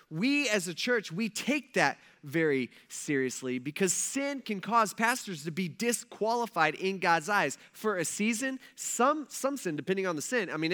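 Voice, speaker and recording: A man's voice: high-pitched, sharp tone. A man in his thirties, a pastor preaching a casual sermon in a church, joking and using slang. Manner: chatty and joking, slangy asides.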